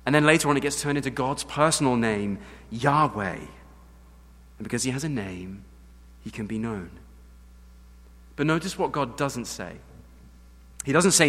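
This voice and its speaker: An English pastor preaches with earnest conviction, dropping to near whispers and then building to loud, emphatic lines. His voice sits in an ordinary middle register for a man. The sound carries a long reverb, like a church hall. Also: medium pitch, expressive, unhurried. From England. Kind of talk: sermon.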